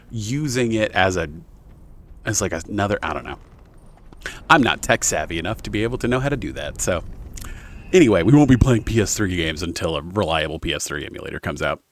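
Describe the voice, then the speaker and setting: A man's voice: low-pitched, fairly bright tone, slight background noise. A young man streaming a video game, rambling casually with lots of fillers and self-corrections. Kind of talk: casual gameplay commentary.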